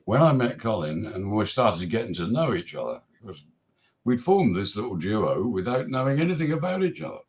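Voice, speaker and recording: English man telling anecdotes, lowish voice. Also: very animated, brisk. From England. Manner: anecdotal, chuckling, retells dialogue. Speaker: guest musician. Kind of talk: casual storytelling interview.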